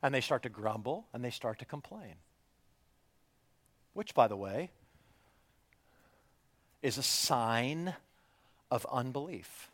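A man preaching a sermon as a story, animated, jumping from loud bursts to hushed near-whispers. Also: medium pitch, slow, long pauses. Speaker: pastor.

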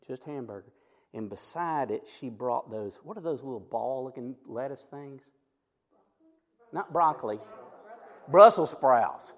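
A man in his fifties preaching a sermon, lively and chatty, with personal stories and quick asides to the congregation. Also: a little high. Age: 50s. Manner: animated, storytelling preacher with asides and quick jokes. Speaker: pastor.

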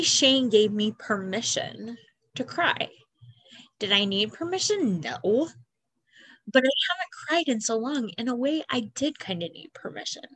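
A woman in her forties speaks alone on her podcast, tearful and halting. She talks slowly and earnestly, in a voice a little higher than most women's. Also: a bit bright. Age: 40s. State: crying. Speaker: podcast host. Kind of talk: personal monologue.

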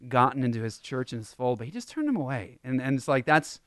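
Male co-host, smooth and fairly high, animated, dry close mic. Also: fast talker, dry recording. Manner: animated, mocking voices when quoting. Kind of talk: casual Christian podcast discussion.

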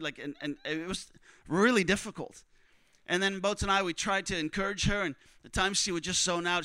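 A young man preaching, telling a missionary story with strong emotion, often dropping to a hush for other people's words. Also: high voice, brisk, clear, resonant tone, no echo. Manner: emotional, quotes others in hushed voices. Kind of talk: sermon storytelling.

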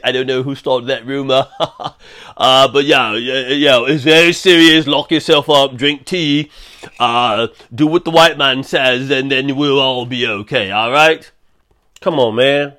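A young man hosting a solo podcast, ranting in a profane, animated way. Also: a little high, takes it slowly. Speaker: podcast host.

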